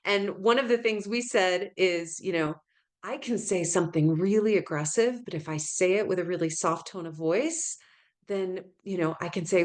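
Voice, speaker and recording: A woman's voice: mid-range voice, expressive, normal speed. A woman leading a workplace communication webinar over a video call, chatting to attendees by name and acting out tones of voice as examples. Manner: conversational, addresses attendees by name; demonstrates tones of voice in short acted examples. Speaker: webinar presenter. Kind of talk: live webinar teaching.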